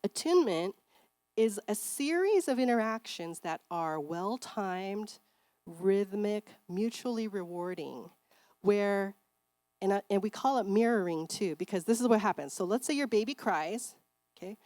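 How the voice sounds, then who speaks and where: A middle-aged woman giving a church seminar talk on parenting, chatty and animated, acting out parents and kids in bright voices. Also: medium pitch, measured pace, no room sound. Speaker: seminar speaker.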